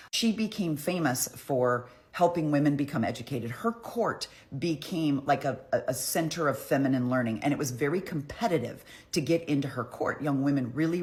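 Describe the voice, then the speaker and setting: A woman's voice: very deep voice, darkish tone. A woman telling a history story in a casual, irreverent, profane, chatty way.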